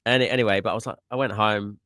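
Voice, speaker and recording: Guy rattling off a story on a podcast, quick and lively, lowish voice, super dry sound. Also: no echo. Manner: animated anecdotes, laughs often, quick restarts. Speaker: podcast guest, sales coach. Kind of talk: casual storytelling conversation.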